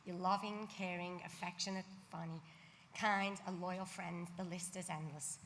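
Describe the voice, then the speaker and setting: A woman's voice: on the low side, steady tone, moderate pace, fairly bright tone. A woman giving a tender, loving speech as the mother at her daughter's bat mitzvah. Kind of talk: parent's speech read at a ceremony. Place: large synagogue sanctuary. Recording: reverberant hall, faint background noise.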